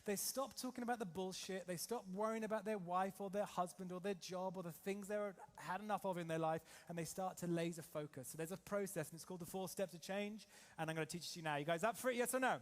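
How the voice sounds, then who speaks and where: A man from England giving an energetic motivational seminar to a live audience, quizzing the crowd with rhetorical questions. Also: sits high, quick pace. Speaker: trading coach and seminar speaker.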